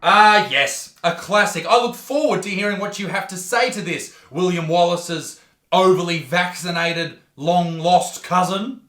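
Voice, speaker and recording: A man's voice: high voice, unhurried, a bit bright, echoey room. An Australian man doing sweary, mocking comedic reaction commentary, ranting in bursts. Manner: mocking, profane, rants in bursts. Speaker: YouTube comedian.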